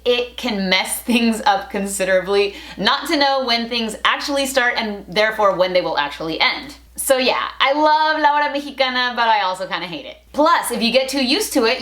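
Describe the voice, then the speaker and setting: A young woman vlogging to camera in a chatty, playful and expressive way. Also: on the high side. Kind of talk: casual talk to camera. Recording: roomy echo.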